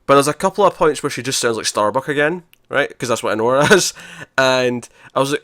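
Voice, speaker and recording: A man's voice: medium pitch, a little fast, hardly any pauses, no room sound, studio quality. Chatty man recapping TV episodes. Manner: chatty, animated, laughs often. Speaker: podcast host. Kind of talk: casual episode recap chat.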